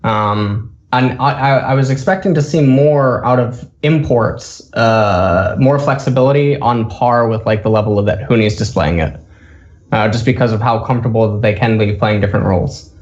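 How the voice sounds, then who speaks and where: A man with a lowish voice weighs his points slowly in a podcast chat, pausing often with fillers. His audio is dull and lo-fi. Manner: halting, measured, many fillers. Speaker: former coach, streamer guest. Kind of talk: casual podcast discussion.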